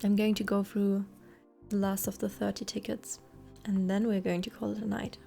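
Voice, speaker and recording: Her voice medium-pitched and gravelly, with a flat delivery and moderate pace, a young woman whose first language is German gives casual, rambling gameplay commentary. She makes soft asides to chat while faint game music plays.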